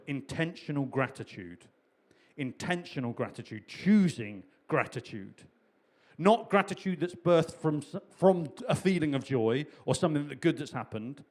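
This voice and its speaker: A man's voice: on the high side, lively intonation, unhurried. A man preaching a sermon in a chatty, humorous way, repeating key phrases for emphasis. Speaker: pastor.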